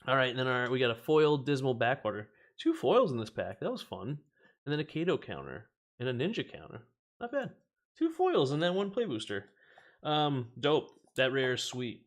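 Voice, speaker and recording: A man with a medium-pitched, sing-song voice hosts a casual card-opening stream at normal speed. Chatting while opening packs, he laughs often and reads the card text aloud.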